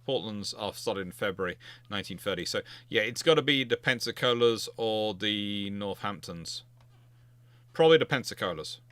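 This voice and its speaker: A man talks through viewer questions on a livestream, emphatic and chatty, often restarting his sentences as he thinks. His voice has a bright, forward edge. The sound is dry and close, with no room around it. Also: fairly low pitch, normal speed, clear, resonant tone, no room sound. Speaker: naval history livestream host. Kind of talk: casual livestream Q&A.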